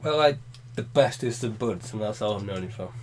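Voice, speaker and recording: A man's voice: lowish voice, animated, fairly quick, slight background noise. A young man co-hosting a podcast, playful and laughing often, swearing in casual banter. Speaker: podcast co-host.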